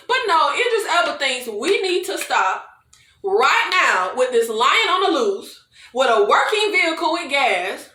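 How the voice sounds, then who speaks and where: A woman recapping a film in a casual, chatty flow, talking straight to her viewers. Her voice is bright and sits a bit high. The room around her rings with echo. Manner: animated, chatty, addresses viewers as y'all, laughs often. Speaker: movie reviewer.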